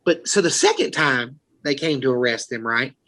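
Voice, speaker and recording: A man's voice: medium pitch, animated, moderate pace, sharp tone, low-quality recording. A man from Florida, a podcast host telling rambling, profane stories in casual chat. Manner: rambling, profane, laughing storyteller.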